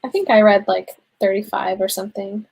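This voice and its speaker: A woman's voice: mid-range voice, fairly even intonation, fairly quick, creaky, darkish tone. A young woman hosting a livestream, chatting casually, reading out viewer comments and laughing often. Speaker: livestream host.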